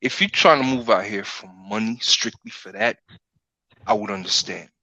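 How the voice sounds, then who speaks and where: A man's voice: on the low side, moderate pace, bright, forceful tone, dry recording, poor audio. A man talking as a guest in a casual livestream chat, laid-back and peppering his points with "you know what I'm saying". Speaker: podcast guest.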